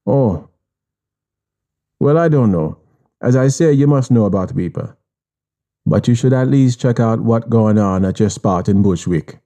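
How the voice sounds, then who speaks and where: A man with a Jamaican accent reading an audiobook in a measured, menacing patois. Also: medium pitch, expressive, warm tone. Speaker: audiobook narrator.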